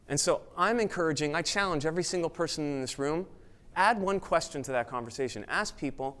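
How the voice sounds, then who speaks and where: A man's voice: a little high, brisk, smooth. A man giving an earnest, emphatic motivational talk at a conference, speaking to an audience in a room. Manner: earnest, emphatic, acts out excited voices.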